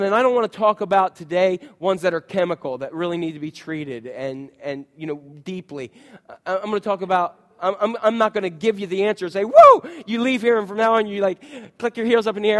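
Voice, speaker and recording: Male pastor, thirties, high voice, chatty storytelling sermon style. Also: big-room sound. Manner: conversational, storytelling with voiced quotes. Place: church.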